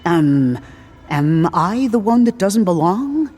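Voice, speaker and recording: A woman's voice: fairly low pitch, sing-song, slow pace, darkish tone, breathy edge, soft background music, heavily acted. A woman voicing a dazed, confused young man who stammers and speaks hesitantly.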